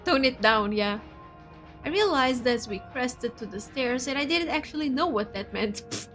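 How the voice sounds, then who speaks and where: A fairly high-voiced woman streamer whose first language is Portuguese reads a visual novel aloud, breaking off for chatty, giggly asides to her viewers. Faint game music plays underneath her voice. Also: expressive, normal speed, fairly bright tone. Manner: chatty, giggly, switches between reading and asides.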